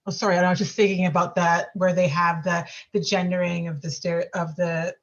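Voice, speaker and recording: A woman's voice: fairly low pitch, level tone, a little fast, lo-fi sound. A woman talking animatedly in a casual group video call, restarting often and sounding exasperated.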